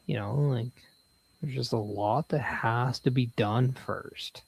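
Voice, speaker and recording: A man co-hosting a live watch-along show, chatting casually, halting and restarting his words. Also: medium pitch, vocal fry, a little mellow, breathy edge, no room sound. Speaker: co-host.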